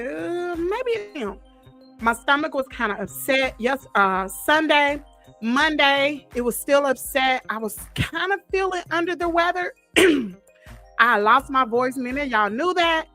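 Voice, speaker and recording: A woman hosting a casual live-stream chat. She talks straight to her viewers with drawn-out exclamations and emphatic repeats. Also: high-pitched, pushed and bright. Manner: chatty, addresses viewers directly and calls them girl and y'all. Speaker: host of a live gossip stream.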